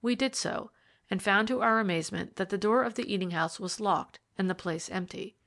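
A woman narrating a period detective story in a steady, measured reading style. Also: medium pitch, vocal fry. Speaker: audiobook reader. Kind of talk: scripted narration.

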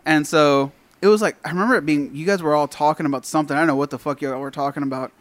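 A man's voice: on the high side, very fast, dry recording. A man telling a story in casual chat with friends, swearing and acting out the quotes. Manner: animated, swearing, acts out quotes.

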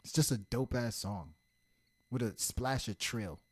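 A man's voice: medium pitch, a little slow, slightly rough. A young man from Washington, D.C., co-hosting a podcast, joking and teasing while reviewing songs. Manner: animated, joking, playful teasing. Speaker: podcast co-host. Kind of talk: casual music review chat.

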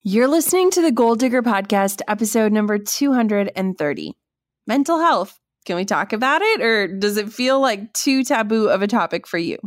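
A woman hosting a podcast, talking to her listeners in an energetic, enthusiastic way. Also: fairly high pitch, moderate pace, no echo, studio quality. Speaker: podcast host. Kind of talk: upbeat podcast intro and ad reads.

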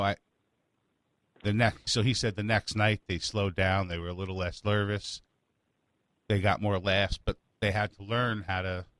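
A man hosting his own comedy talk show, chatting in a relaxed, rambling, self-deprecating way. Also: on the low side, no room sound. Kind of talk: casual chat.

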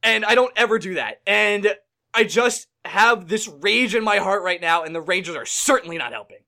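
A man's voice: high-pitched, animated, moderate pace, gravelly. A young man from New hosting a podcast, ranting angrily and swearing in casual chat. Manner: angry, yelling, swearing rant. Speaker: podcast host.

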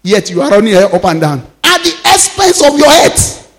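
A Nigerian pastor in his fifties delivers a lively sermon, slipping Yoruba phrases into his English. His voice sits high and leaps up and down, and he acts out the people in his stories. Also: moderate pace, gravelly. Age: 50s. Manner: animated storytelling, laughing often, acting out quoted speech.

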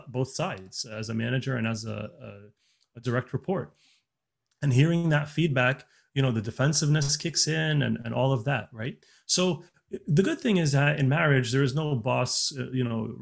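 A man's voice: mid-range voice, gravelly. A man talking earnestly in a casual podcast chat, giving relationship advice with many restarts and fillers.

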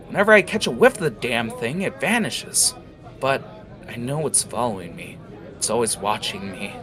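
A man's voice: on the low side, pushed and bright, full character voice. A man voicing an exhausted male orc who stammers in fear. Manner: halting, mumbling, paranoid.

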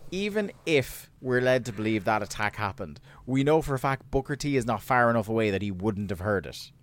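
A man co-hosting a casual podcast recap, sweary and sardonic, getting animated when he rants. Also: fairly low pitch, fairly quick. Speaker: podcast co-host.

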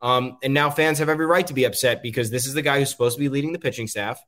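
A male host works through his frustration in a loose, rambling sports commentary. His speech is full of ums and restarts. His voice sits at an ordinary middle pitch. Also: racing, a bit bright. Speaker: podcast host.

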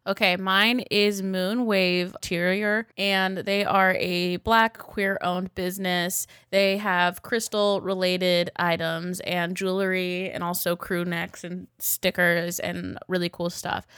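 Young woman podcast cohost, smooth clear voice, dry close sound, chatty and fast, says like a lot. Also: on the low side, little pitch movement, a bit bright, dry recording. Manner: quick, chatty, heavy use of "like". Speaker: podcast co-host. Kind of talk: casual chat.

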